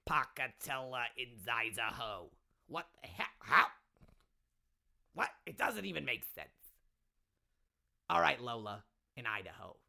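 Man doing a campy older New York lady, gushing advice, very bright sharp voice, middle pitch. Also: creaky, exaggerated voice. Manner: gushing, campy, calls people sweetheart and doll. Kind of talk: comedy advice segment.

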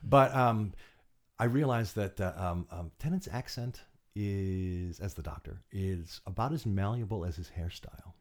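A low-pitched man, appearing as an actor guest on a casual podcast, speaks haltingly during the interview. He keeps restarting his sentences and lets out quick laughs.

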